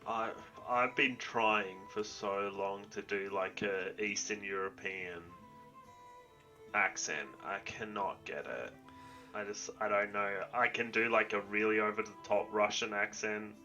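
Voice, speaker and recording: A man's voice: fairly low pitch, fairly even intonation, unhurried, bright, forceful tone, muffled recording, faint music behind. A man chatting casually as a player, rambling with lots of fillers. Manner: eager, rambling with fillers like 'like'. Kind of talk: casual chat.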